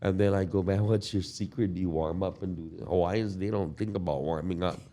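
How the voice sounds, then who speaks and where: Older male musician, very low voice, unhurried and reminiscing. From Guam. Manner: relaxed, reminiscing, drawn-out storytelling. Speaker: guest musician. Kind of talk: casual podcast conversation.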